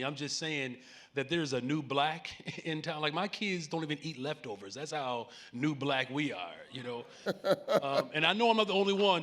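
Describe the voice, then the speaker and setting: A man in his forties with a Chicago accent, the mayor, talks on a conference panel from the main stage in front of a live audience. His voice is fairly high and a bit bright, and his manner is earnest and preacherly as he jokes with the crowd.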